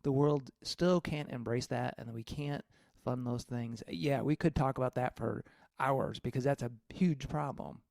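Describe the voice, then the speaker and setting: A woman's voice: extremely low pitch, measured pace, gravelly, few pauses, darkish tone, no echo, clean studio sound. A woman in her sixties hosting a podcast, speaking in a supportive, reflective way. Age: 60s. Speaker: podcast host. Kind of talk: casual chat.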